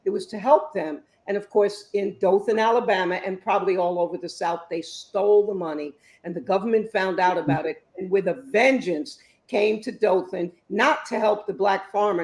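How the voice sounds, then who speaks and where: A woman in her fifties answers interview questions as a guest author. She talks in an expressive, emphatic storytelling way, and her voice sits in a middle pitch. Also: normal speed, few pauses. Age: 50s.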